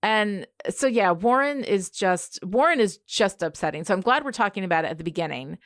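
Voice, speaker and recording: A woman's voice: medium pitch, expressive, fairly quick, no echo, clean studio sound. A woman co-hosting a podcast in casual chat, emphatic and thoughtful, with many fillers. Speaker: podcast co-host.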